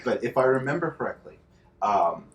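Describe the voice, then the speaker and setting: A young man co-hosting a podcast, teasing his friends loudly and swearing freely in casual chat. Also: medium pitch, sing-song, normal speed, background noise. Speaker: podcast co-host.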